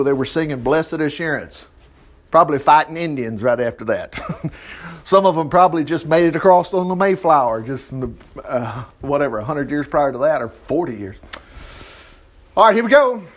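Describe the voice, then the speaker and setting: Man, preacher, high voice, chatty sermon, rhetorical questions. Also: fairly bright tone. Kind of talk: conversational Bible-teaching sermon.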